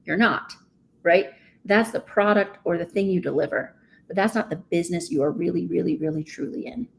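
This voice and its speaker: A woman's voice: on the low side, fairly quick, gravelly. A woman, a business coach, speaking as a podcast guest in an emphatic way, often asking "right?". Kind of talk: podcast interview.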